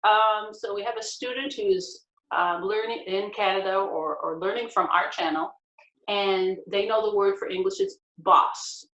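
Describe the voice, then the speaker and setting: A woman's voice: medium pitch, steady tone, a little slow, fairly bright tone. A woman hosting a casual interview about language, upbeat and encouraging as she asks questions. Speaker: interview host. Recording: dull echoey room.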